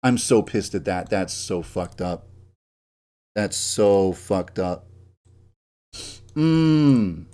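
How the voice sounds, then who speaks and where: A man's voice: deep voice, expressive, drawn-out words, pauses often, dark tone. A man streaming his game development work, ranting, swearing a lot and mocking himself as he works. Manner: swears often, rants and grumbles to himself; self-mocking, laughs at his own jokes. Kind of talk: live-stream work commentary.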